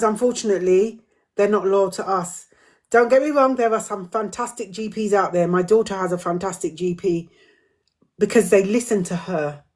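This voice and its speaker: A middle-aged woman hosting a live drop-in, talking earnestly and repeating her points for emphasis, her throat a little dry. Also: medium pitch. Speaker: host of a community live drop-in. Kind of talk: casual live-stream talk.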